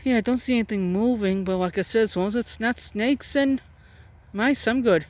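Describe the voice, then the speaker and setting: A fairly high, slightly mellow woman's voice at normal speed, recorded dry. She vlogs outside among cows and donkeys, holding her camera and coaxing them with baby talk.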